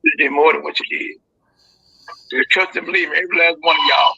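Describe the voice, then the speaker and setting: A middle-aged man talks as a guest on a live online interview, his voice gravelly and piercingly bright. He speaks bluntly and firmly. The line sounds dull and dry. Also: a little high, steady tone, brisk, dry recording. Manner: firm, blunt, emphatic. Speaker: guest, a grieving father.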